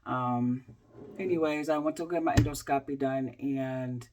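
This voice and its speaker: A woman in her forties, a health coach, telling a candid personal story to camera in a halting way, with many fillers and restarts. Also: rumbling low, fairly even intonation, noisy background. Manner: candid, speaks in plain everyday terms.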